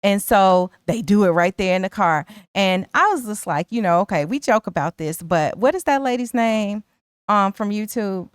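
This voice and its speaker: A woman's voice: mid-range voice, moderate pace, smooth, no echo. Woman co-host, mid-range voice, chatty movie-recap delivery, dry close mic. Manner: animated, acts out characters' lines in quotes; chatty, slangy.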